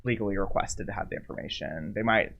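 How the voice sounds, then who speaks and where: A woman's voice: very deep voice, fast talker, creaky, fairly bright tone, muffled recording. A young woman guest who works with youth, talking in a frank, casual way with many "like"s. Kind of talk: casual chat.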